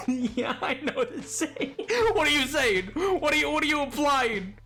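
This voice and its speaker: High, bright-voiced man rambling on stream. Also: expressive, soft background music. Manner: rambling and digressive, quick to laugh. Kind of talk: casual live-stream chat while gaming.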